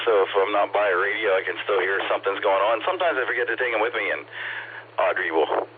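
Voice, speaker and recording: A friendly, chatty man running a ham radio net with a fairly low voice. He reads out call signs between easy chat with his callers. He comes through a tinny radio channel with faint hiss. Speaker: net control operator. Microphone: radio transceiver mic.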